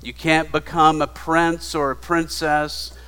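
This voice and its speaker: A man preaching a sermon, retelling a story in a hushed voice that builds to emphatic appeals. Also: fairly high pitch, flat delivery, slow, clean tone. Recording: long hall reverb.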